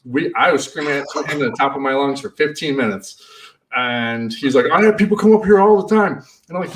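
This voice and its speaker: A man who runs a party rental business, telling stories in a casual, animated way and acting out the shouting in them. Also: mid-range voice, brisk, recorded from a distance. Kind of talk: casual storytelling.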